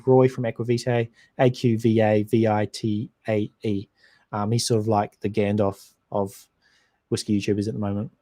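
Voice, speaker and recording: A man's voice: medium pitch, dark tone. Chatty New Zealand man on a livestream. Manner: rambling, chatty, reads out and answers viewer comments. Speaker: whisky channel host. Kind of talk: casual livestream chat.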